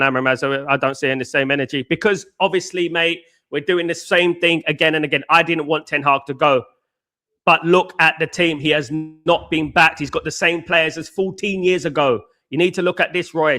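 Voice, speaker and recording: Combative bright-voiced male fan-show host. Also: on the high side. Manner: combative, repeats rhetorical questions; casual slangy banter. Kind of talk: live fan show answering chat.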